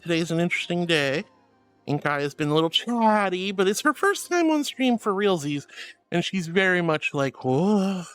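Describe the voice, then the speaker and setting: A man's voice: high voice, a bit bright. A man hosting a casual livestream and reading his chat aloud, chatty and apologetic, affectionately calling his viewers sweetie and honey. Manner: chatty and apologetic, self-described yapper.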